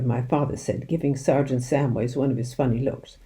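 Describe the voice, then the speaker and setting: A woman reading a children's book aloud in an expressive storytelling manner. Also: rumbling low, brisk, hardly any pauses. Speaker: reader.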